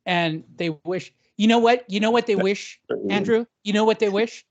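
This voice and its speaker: A man's voice: very high-pitched, huge pitch swings, a little fast, fairly bright tone, highs cut off, voice pushed up, heavily acted. A man voicing a brash, boastful English boxing promoter who keeps repeating himself. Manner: cocky, repetitive "listen, mate" bluster.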